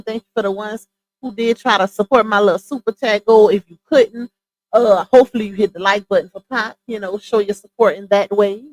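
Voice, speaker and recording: A young adult woman hosting a casual livestream, talking bluntly in slangy gossip about online drama. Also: medium pitch. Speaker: livestream host.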